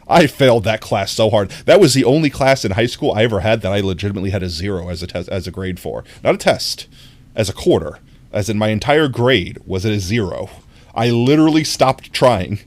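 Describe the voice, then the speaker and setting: Animated young man chatting on stream. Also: on the low side, fairly quick, no room sound. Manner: rambling, animated, full of fillers and laughs; reacting to chat messages. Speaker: livestreamer. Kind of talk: casual live-stream chat.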